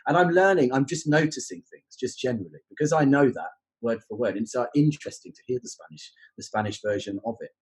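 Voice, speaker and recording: A man's voice: medium pitch, quick pace, hardly any pauses, slightly rough, rough recording. A man, a podcast guest who explains exam teaching in a reflective, conversational way.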